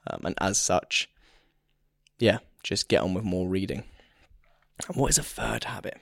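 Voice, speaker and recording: A hoarse man talks on his own podcast, candid and a little rambling as he thinks aloud. His voice sits fairly low and sounds strained. The sound is dry and close, with no room around it. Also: a little slow, no echo. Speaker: podcast host. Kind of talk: solo podcast talk.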